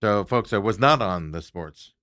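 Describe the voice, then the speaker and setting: A man hosting a talk show, telling stories in a casual, animated way and ranting with exasperation. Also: lowish voice, moderate pace. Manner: animated storytelling, exasperated rants. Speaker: radio show host. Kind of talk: casual chat.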